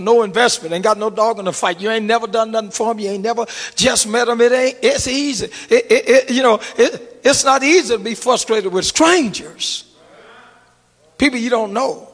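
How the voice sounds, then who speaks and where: A middle-aged man preaching a sermon to his congregation, swinging from hushed asides to shouted exclamations and calling out to the crowd. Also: extremely high pitch. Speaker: pastor. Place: church sanctuary. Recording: long reverb of a large church hall.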